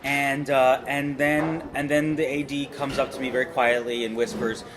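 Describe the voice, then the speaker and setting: A man's voice: medium pitch, flat delivery, moderate pace. A man, a film director and co-writer, answering interview questions in a loose, rambling way with lots of restarts and self-deprecating jokes. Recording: noisy background ambience.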